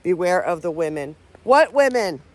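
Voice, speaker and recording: A paranormal vlogger among the trees talks to the camera in a casual, rambling way, often unsure and restarting sentences. Her fairly low voice has a sing-song lilt and a darkish tone, at a moderate pace.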